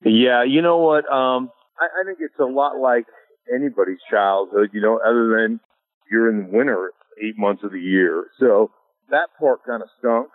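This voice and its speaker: A man's voice: medium pitch, moderate pace, no room sound. Easygoing man on a tinny phone line. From Alaska. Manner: easygoing, chuckling, many "you know" fillers. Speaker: guest, former pro football lineman. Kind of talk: casual storytelling interview.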